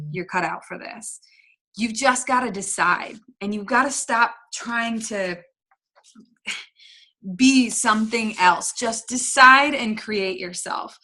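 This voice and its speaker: A woman's voice: mid-range voice, bright, forceful tone. A young woman coaching her team on a video call, with an emphatic, repetitive motivational style. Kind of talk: motivational pep talk.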